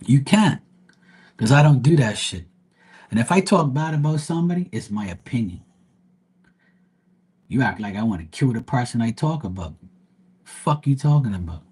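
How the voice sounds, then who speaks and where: A man's voice: mid-range voice, animated, moderate pace, long pauses, a little mellow, slightly rough. A man reading tarot live, telling a story in a blunt, heated rant and cursing freely. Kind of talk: ranting livestream monologue.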